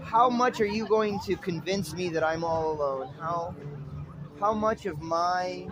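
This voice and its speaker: A man's voice: high voice, measured pace. A man delivering a rambling, dramatic stream-of-consciousness monologue with poetic turns. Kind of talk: rambling spoken-word monologue. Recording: street noise with traffic.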